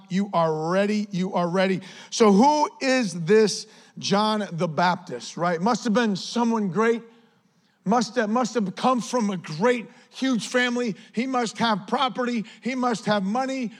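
A man preaching a sermon as pastor, praying and then telling stories in a lively, conversational way. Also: high voice, unhurried. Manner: animated, conversational preaching with storytelling. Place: church sanctuary.

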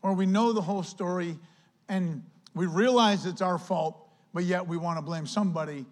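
A male pastor preaching a sermon with lively delivery, acting out quoted voices. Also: sits high, normal speed.

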